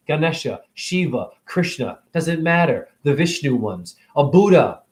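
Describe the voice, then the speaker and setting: A man speaks in a rambling, emotional monologue on his own stream. He preaches at the listener and sometimes sinks into a hushed whisper. His voice sits a little high for a man. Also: lively intonation, measured pace. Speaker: livestream host.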